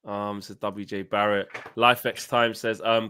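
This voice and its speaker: A man's voice: medium pitch, a little slow, few pauses, sharp tone, smooth. A man co-hosting a casual football fan panel, reading viewers' comments and bantering with laughter and swearing. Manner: banter-heavy, laughs often, swears when worked up. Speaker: co-host reading super chats.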